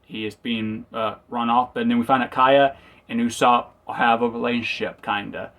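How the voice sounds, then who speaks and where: Male reviewer, mid-pitched, loose and rambling episode recap. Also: fairly even intonation, normal speed, a bit bright. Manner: rambling, self-correcting, acts out quotes. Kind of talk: casual spoken review.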